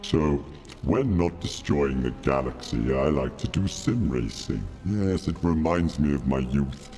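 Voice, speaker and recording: A man putting on the voice of a deep, menacing male space villain overlord, talking in a slow, brooding, theatrical way. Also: animated, dark tone, faint music behind, full character voice.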